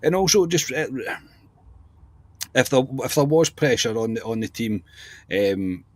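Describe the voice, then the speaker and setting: A man's voice: medium pitch, animated, measured pace, darkish tone, dry recording. A man chatting casually about football on a podcast, often calling the others mate. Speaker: podcast regular.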